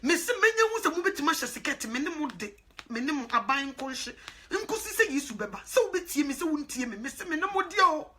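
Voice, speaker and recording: A woman evangelist preaches with a high, lively voice. Her tone is bright and sharp, dropping to hushed asides, then rising to loud exclaims. She breaks into laughter often as she speaks. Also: fast talker. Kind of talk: sermon.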